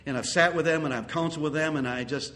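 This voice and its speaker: A man preaching a sermon as pastor, earnest, repeating key phrases and sometimes rising to loud exclamations. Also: on the high side, fast.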